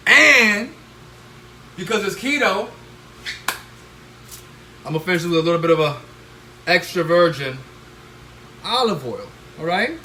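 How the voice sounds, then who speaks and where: With a phone in hand, a middle-aged chef demonstrates cooking live from home, his voice pitched somewhat high. He coaches his audience, punctuating remarks with "all right?" and "okay?", and sometimes bursts into loud whoops. Behind him comes kitchen noise, including frying sizzle.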